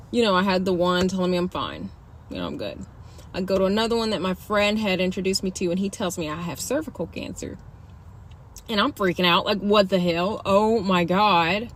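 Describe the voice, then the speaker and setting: A young woman telling her own story in a candid, animated, slangy way, speaking casually to camera. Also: fairly low pitch, a little hiss or hum. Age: young adult.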